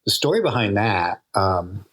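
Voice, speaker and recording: A man's voice: fairly low pitch, very animated, a little slow, a bit bright. An older man, a TV comedy writer, telling stories in a casual interview, chatty and laughing often. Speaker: guest, TV comedy writer and producer.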